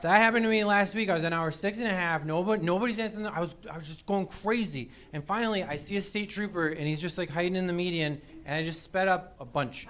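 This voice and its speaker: A man's voice: high voice, quick pace, few pauses, heavy background noise. A man doing a stand-up set on a club stage, goofy and self-deprecating, acting out short bits of dialogue. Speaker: stand-up comedian. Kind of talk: stand-up set before a live audience. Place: comedy club stage with loud laughing crowd. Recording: live club audio with loud crowd laughter.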